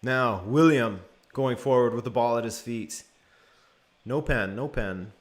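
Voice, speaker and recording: A man's voice: medium pitch, a little slow. Casual man doing live match commentary. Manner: relaxed play-by-play mixed with chat replies.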